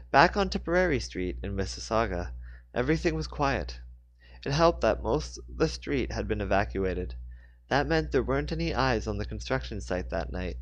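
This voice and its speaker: A man, an author, reading his own book aloud in a casual way and sometimes correcting himself. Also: mid-range voice. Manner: casual, self-correcting reader. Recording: dry, dull lo-fi.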